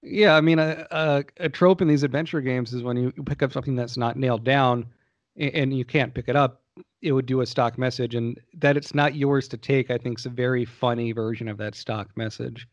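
A man's voice: mid-range voice, steady tone, fairly quick, dry recording, lo-fi sound. A man co-hosting a casual podcast chat about old games, rambling and joking with many restarts. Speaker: podcast co-host.

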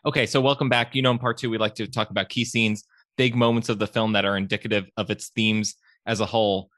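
A man's voice: on the low side, little pitch movement, fast talker, a bit bright, no echo, studio quality. A man co-hosting a podcast in a casual film discussion, talking thoughtfully and repeating words as he thinks. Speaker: podcast co-host.

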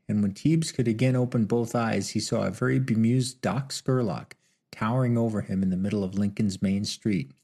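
A man narrating a western audiobook in a steady storytelling manner. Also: lowish voice, normal speed.

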